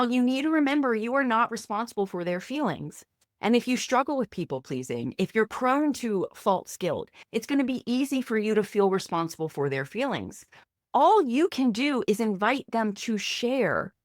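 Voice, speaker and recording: A woman gives a faith-based lesson to camera, speaking as a therapist and coach. Her pitch moves a lot, rising and dipping as she stresses points, and she talks in a direct, encouraging, plain-spoken way. The sound is close and dry, with hardly any room around it. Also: big pitch swings, moderate pace, dry recording.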